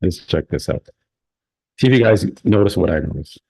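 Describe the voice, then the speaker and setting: A man's voice: deep voice, animated, normal speed, vocal fry, warm tone, slightly rough. A man hosting a live stream, chatting casually and rambling with plenty of restarts and opinions.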